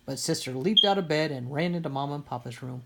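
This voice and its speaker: A woman reading a children's picture book aloud in an even storytelling manner. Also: deep voice, fast talker, background noise. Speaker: storybook reader.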